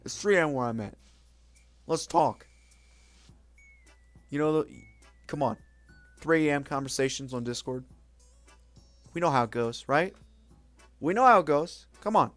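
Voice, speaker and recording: A man's voice: a little high, animated, measured pace, long pauses, a bit bright, faint music behind. A young man streaming late at night, chatting casually with viewers in a rambling, self-mocking way, swearing now and then.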